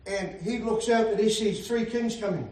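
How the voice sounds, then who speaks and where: A man's voice: sits high, normal speed, a little mellow, far from the mic. A man preaching a fervent sermon, often exclaiming hallelujah and laughing at his own jokes. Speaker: pastor. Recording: echoey room, speaker away from mic.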